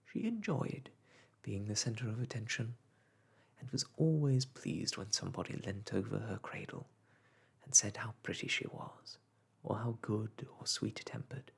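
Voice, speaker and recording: A storyteller reading a classic children's book aloud in a soft whispered role-play voice. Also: medium pitch, measured pace, gravelly, slightly rough.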